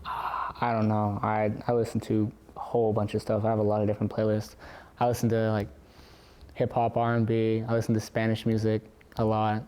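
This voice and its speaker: A teenage boy answering interview questions for his school yearbook, relaxed and hesitant, with many fillers and restarts. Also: on the low side, brisk, slight background noise. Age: teens. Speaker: student interviewee.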